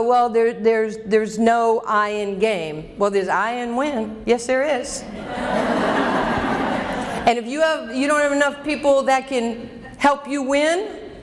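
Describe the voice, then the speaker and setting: A woman in her fifties from New York giving a motivational keynote at a luncheon. She speaks emphatically and directly into a microphone and calls out audience members. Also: high-pitched. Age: 50s. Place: banquet hall at a luncheon. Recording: echoey banquet hall.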